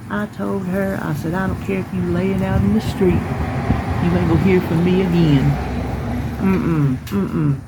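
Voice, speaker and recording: A woman telling a story about her neighbors outdoors in a folksy, emphatic, animated way. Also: fairly low pitch, creaky, background noise. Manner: folksy, emphatic, animated retelling with hollered quotes. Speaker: vlogger. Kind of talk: casual storytelling.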